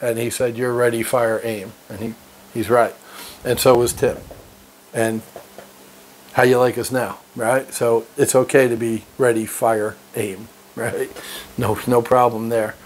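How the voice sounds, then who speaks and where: A man's voice: medium pitch, flat delivery, measured pace. A man reading a book aloud and breaking off into brash, profane motivational commentary, laughing often. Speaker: reader and commentator.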